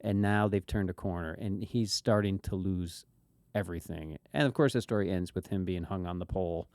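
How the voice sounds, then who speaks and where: A man's voice: low voice, normal speed, darkish tone, dry recording. A man co-hosting a podcast, talking casually and thoughtfully about a Bible story and asking questions about the text. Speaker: podcast co-host.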